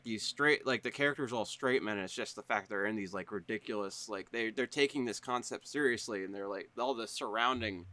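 A man with a bright, forward tone discussing a film on a casual podcast. He stumbles and restarts often and leans on "like." The recording is dry and close. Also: fairly low pitch, no echo. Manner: hesitant, stumbling with many "like" fillers. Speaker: podcast co-host.

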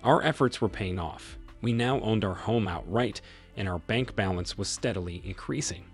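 A man narrating a scripted first-person story in a measured, reflective way. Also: fairly low pitch, faint music behind.

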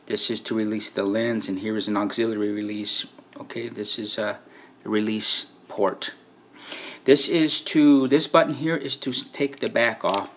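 Low-voiced man walking through a camera. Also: a little hiss or hum. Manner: relaxed, conversational, frequent "right?" and "okay". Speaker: camera reviewer. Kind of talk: casual hands-on camera walkthrough.

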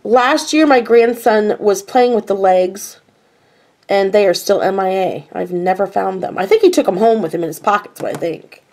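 A woman's voice: mid-range voice, moderate pace, a little mellow. Chatty older woman giving a home tour. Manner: chatty, self-mocking, rambling asides. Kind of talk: casual home tour chat. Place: home kitchen, indoors.

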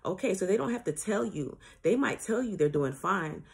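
A woman's voice: medium pitch, expressive, moderate pace, vocal fry, breathy edge. A woman in her late thirties, a spiritual advisor hosting her own show, talking casually and earnestly to her viewers, mixing jokes with serious advice. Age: late 30s. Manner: chatty and informal, mixes jokes with earnest advice. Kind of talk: casual spiritual talk to camera.

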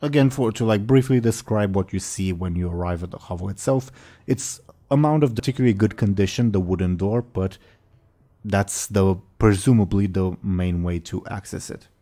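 A man with a lowish, mellow voice narrates as game master for a tabletop role-playing game over a voice call. He talks in a rambling, halting way full of fillers, all while fighting the hiccups.

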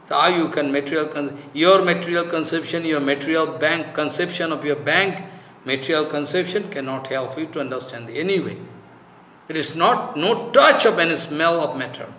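Male preacher, halting and filler-heavy, bright tone, recorded in an echoey room. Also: a little high. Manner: halting, many "you know" fillers, broken English. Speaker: spiritual teacher. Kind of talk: devotional sermon.

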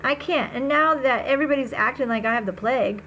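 A woman's voice: sits high, fast talker, pushed and bright, a little hiss or hum, rough recording. A woman reading the lines of an easygoing, sheepish schoolboy in a storybook reading. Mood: casual.

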